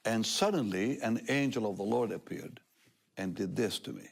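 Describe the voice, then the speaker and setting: An older man with a somewhat low voice shares a personal testimony as a guest on a talk show. He tells it with animation, laughing often and acting out the words of others. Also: moderate pace, creaky, slightly rough.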